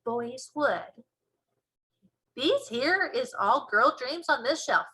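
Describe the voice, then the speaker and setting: A woman reading a slow kindly old giant. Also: high-pitched, expressive, bright, forceful tone, pitched above the performer's own voice, heavily acted, rough recording. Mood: amused. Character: big friendly old male giant, kindly.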